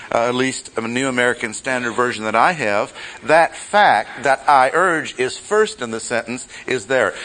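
Deliberate man teaching a Bible class. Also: medium pitch, a bit bright, low-quality recording. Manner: deliberate, repeats key phrases for emphasis.

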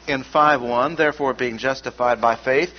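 Man teaching scripture in measured, emphatic tones. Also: mid-range voice, fairly even intonation. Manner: measured, emphatic, repeats key words. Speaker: Bible teacher. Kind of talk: expository Bible teaching. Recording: dull lo-fi recording with faint noise.

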